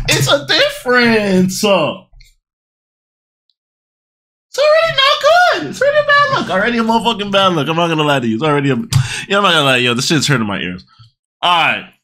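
Woman, reaction host, excitable and loud, swears a lot, fairly high voice with huge swings in pitch. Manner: excitable, loud, repeats phrases, swears often. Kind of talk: casual video reaction commentary.

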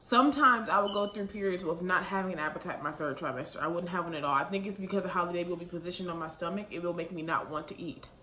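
A young woman vlogging casually to the camera from a room at home late at night, pregnant and a little out of breath. Her voice is bright yet fairly low in pitch, and she chats and rambles quickly with lots of fillers. The echoey room carries faint ambient noise.

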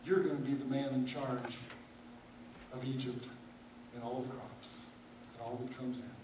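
A man's voice: medium pitch, steady tone, normal speed, background noise. A man preaching a sermon, telling a Bible story and acting out the characters' lines. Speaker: pastor. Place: church sanctuary. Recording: echoey church hall from far off.

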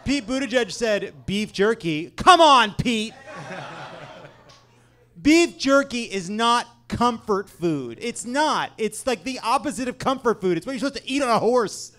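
A man's voice: very high-pitched, lively intonation, unhurried, bright, forceful tone. A man in his thirties, a podcast host, ranting about food in a profane, emphatic, mock-outraged way. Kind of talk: comedic rant about food.

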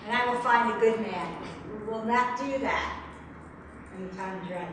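A middle-aged woman in an emotional tapping exercise, speaking haltingly and repeating phrases back in anger. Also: mid-range voice. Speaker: workshop volunteer. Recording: echoey room, distant mic, some noise.

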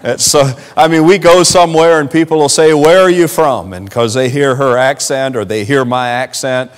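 A pastor from West Virginia with a West Virginia Southern accent and an Amish German first language, preaching a sermon in an earnest, homespun way. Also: male voice, medium pitch, normal speed, clean tone. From West Virginia, USA. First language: Amish dialect of German. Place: church sanctuary. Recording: long reverb of a church hall.

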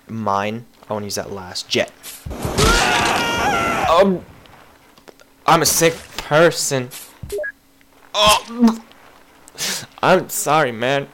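Excitable young man gaming, slow-spoken. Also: medium pitch, noisy background. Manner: excitable, yelps and shouts at in-game deaths, apologizes to characters. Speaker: gameplay commentator. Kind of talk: casual gaming commentary.

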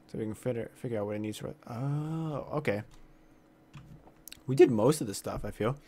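A gaming YouTuber with a mellow, mid-range voice talks at normal speed while playing a horror game for a let's play. He's jumpy, blurts out minced oaths, and reads the dialogue aloud.

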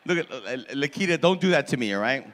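In a comedy club, a stand-up comic in his forties works the crowd, loudly and profanely teasing audience members. His mid-range voice is expressive and moves at a quick pace.

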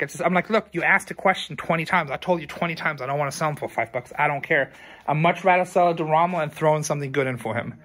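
A weary thrift store owner, speaking to camera for his vlog, gives his viewers rambling, straightforward advice in a casual way. His voice sits on the high side and has a sharp tone.

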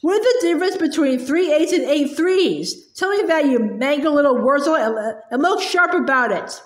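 Lady reading as a furious bully headmistress, yelling insults, highish voice, roomy echo. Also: animated, normal speed. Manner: shouting insults, barking orders. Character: booming bullying giant headmistress, cruel. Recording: echoey room.

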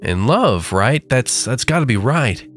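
A man voicing an excitable young man who blurts out his answers eagerly. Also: mid-range voice, measured pace, faint music behind, pitched above the performer's own voice. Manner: eager, exclaiming.

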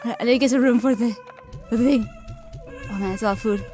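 A woman narrating her own gameplay for viewers, excitable and gushing as she goes. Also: on the high side, quick pace, soft background music. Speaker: gaming video creator. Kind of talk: game commentary.

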